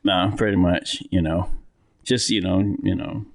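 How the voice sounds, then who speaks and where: A man's voice: low-pitched, steady tone, unhurried, gravelly. A man co-hosting a podcast in casual chat, rambling and profane, with many restarts. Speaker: podcast co-host.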